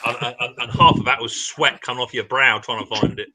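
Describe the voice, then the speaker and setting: A man's voice: medium pitch, brisk, over a noisy crowd. A man from England hosting a casual live stream, bantering with friends and greeting people in the chat, often repeating words as he starts.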